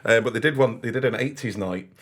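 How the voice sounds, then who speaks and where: A man's voice: mid-range voice, fast talker. A man, a DJ and comedian, telling stories in casual chat and laughing through them. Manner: laughs through his stories, acts out quoted people loudly. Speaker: podcast guest, DJ and comedian.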